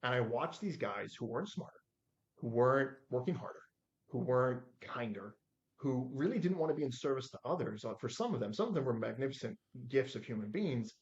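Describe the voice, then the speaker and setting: A man in his forties telling stories as a podcast guest, acting out the quotes with lively shifts in voice. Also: mid-range voice, a little fast, muffled recording. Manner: animated storyteller acting out his own quotes. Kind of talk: storytelling in a podcast interview.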